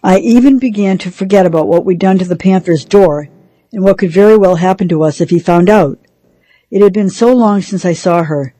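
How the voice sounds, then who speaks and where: A woman reading a novel aloud for a radio reading service, in a measured storytelling manner. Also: mid-range voice, dark tone, no room sound, rough recording. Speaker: radio reader.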